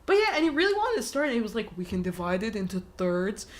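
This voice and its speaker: A woman's voice: fairly high pitch, very animated, fast, slight background noise. A young woman co-hosting a podcast, in casual chat full of "like" fillers, giggles and swearing. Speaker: podcast co-host.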